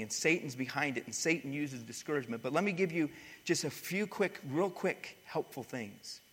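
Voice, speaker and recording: A male pastor preaching a sermon, swinging from loud to hushed. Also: medium pitch. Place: church sanctuary. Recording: reverberant church hall.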